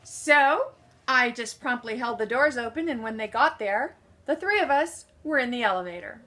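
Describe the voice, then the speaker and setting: A lively woman motivational speaker recounts a personal story with a bright, forceful voice that sits a little high. She acts out what people said and puts questions to the audience, then answers them herself. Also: normal speed.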